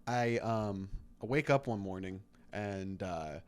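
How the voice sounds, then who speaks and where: A man's voice: lowish voice, slow, a little mellow, smooth. A man in his thirties co-hosting a podcast, telling a rambling comic story in casual chat. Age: 30s. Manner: rambling storyteller, acts out voices. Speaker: podcast co-host.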